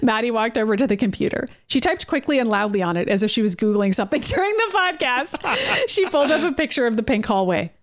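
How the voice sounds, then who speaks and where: A woman podcast host reads a comic-style story aloud in a playful, lively way. Her voice sits somewhat high. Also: fast talker, hardly any pauses. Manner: playful, often breaking into laughter.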